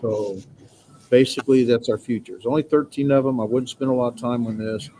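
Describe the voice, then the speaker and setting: A man's voice: medium pitch, fairly even intonation, brisk, dark tone, poor audio. A man teaching a classroom lecture on grammar, explaining patiently and reassuringly with frequent filler sounds. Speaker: Greek grammar instructor. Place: classroom with students.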